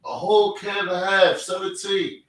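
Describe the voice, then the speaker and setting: A man's voice: high voice, monotone, normal speed, a bit bright. A man telling a personal story in casual talk, rambling in street slang and checking in with "you feel me" again and again. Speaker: podcast host. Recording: echoey room, mic at a distance.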